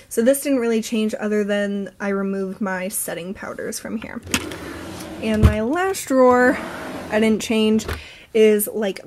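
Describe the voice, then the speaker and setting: A woman's voice: mid-range voice, darkish tone. Young female beauty vlogger, casual show-and-tell, filler-heavy chat. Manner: chatty, lots of ums and likes. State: a bit out of breath.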